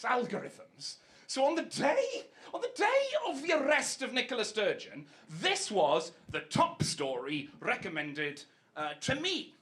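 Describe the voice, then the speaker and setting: High, lively Welsh stand-up comedian. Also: male voice. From Wales. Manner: wry, exasperated storytelling. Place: comedy club stage. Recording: live club recording, audience noise.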